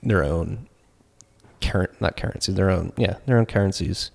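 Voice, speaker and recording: A man's voice: low voice, normal speed, vocal fry. A man co-hosting a casual podcast, rambling through his points with many fillers and self-corrections. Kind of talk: casual debate chat.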